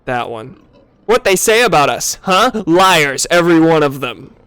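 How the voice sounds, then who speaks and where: A man voicing gruff, boorish male alien hunters who talk in broken grammar and hurl childish insults. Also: a little high, sing-song, measured pace, a bit bright, no echo. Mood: taunting.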